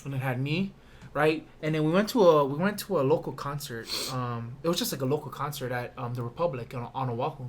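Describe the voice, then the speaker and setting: A man's voice: mid-range voice, brisk, a little hiss or hum. A young man from Hawaii, telling a story in casual chat, acting out quotes and swearing a lot. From Hawaii, Big Island. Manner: animated storyteller, acts out quotes, heavy swearing. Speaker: podcast host.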